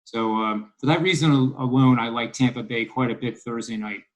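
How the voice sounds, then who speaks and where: On a casual podcast, a Philadelphia man who analyzes sports betting walks through his picks, rambling with lots of ums and uhs while dropping wry asides. He has a mid-range voice, a steady tone, and a normal speaking speed, though the audio is poor.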